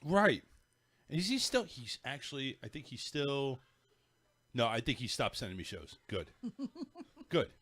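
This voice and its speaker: A man's voice: medium pitch, unhurried, long pauses, slightly rough. A man hosting a casual podcast chat, talking animatedly, joking and swearing with friends. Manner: animated, swearing, laughs often. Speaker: podcast host.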